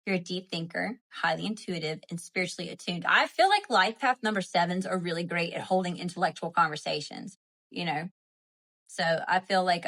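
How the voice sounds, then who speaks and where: A woman's voice: fairly low pitch, a bit bright. A woman with a Southern accent hosting a casual spiritual livestream, chatty and repetitive, often checking in with "right?" and "you know?". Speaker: spiritual host. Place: home, live stream. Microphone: phone or webcam mic.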